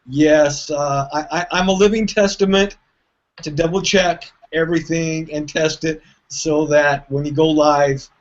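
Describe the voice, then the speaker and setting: A man speaking as a guest on a web hangout, relaxed and self-deprecating. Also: on the high side, unhurried. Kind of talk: casual chat. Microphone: video call. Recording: muffled web call audio.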